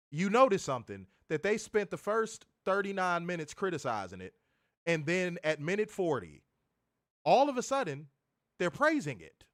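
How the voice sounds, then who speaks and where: A man's voice: fairly high pitch, fairly bright tone, dry recording, studio quality. A man co-hosting a wrestling review show, ranting in casual, profane talk and repeating words as he gets heated. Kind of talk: casual podcast rant.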